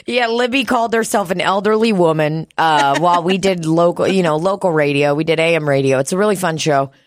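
A woman's voice: fairly low pitch, a little fast, no room sound, clean studio sound. A woman co-hosting a podcast, telling stories in casual chat and acting out what others said, with plenty of swearing. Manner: storytelling, swearing, acting out quotes. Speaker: podcast co-host.

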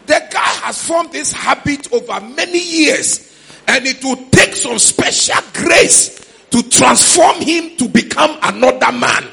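High, gravelly Ghanaian preacher shouting. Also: male voice, animated, normal speed. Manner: shouting, sing-song preaching with sudden high cries. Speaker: pastor. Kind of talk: sermon. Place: church.

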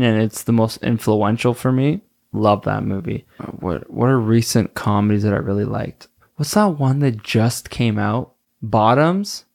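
A man's voice: mid-range voice, vocal fry. A man hosting a solo podcast, rambling casually, laughing often and stopping to search for names. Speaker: podcast host.

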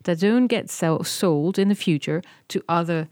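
A woman with a French accent sits in the host's chair, sharing news stories in an animated, hesitant way. Her voice sits a little low. The recording is close and dry. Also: moderate pace, dry recording. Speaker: podcast co-host. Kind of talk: casual radio-style chat.

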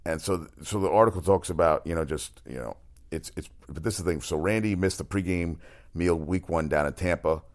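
A man with a deep voice hosts a casual sports talk monologue, speaking briskly. He rambles and swears, often restarting his sentences and breaking into exasperated outbursts.

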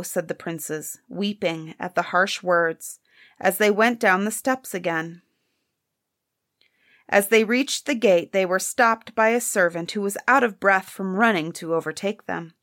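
A woman narrates a fairy tale in an even, expressive reading voice. She takes her time with every phrase. The recording is close and dry, with no room around it. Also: mid-range voice, no room sound. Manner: measured, expressive storybook reading. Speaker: storyteller.

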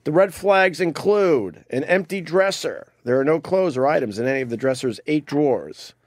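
A man cohosting a podcast who reads a news item aloud with a steady delivery. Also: a little high, moderate pace, dry recording, studio quality. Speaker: podcast co-host. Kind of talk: casual chat and reading a news item aloud.

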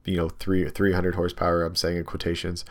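A young man casually telling a long, animated story, full of ums and likes. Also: sits low, fast talker.

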